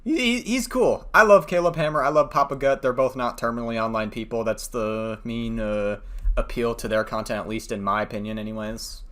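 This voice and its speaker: A man's voice: medium pitch, steady tone, a little fast, a bit bright. Mocking, exasperated young man. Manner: mocking, exasperated, swearing a lot. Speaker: commentary YouTuber. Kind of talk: reaction commentary.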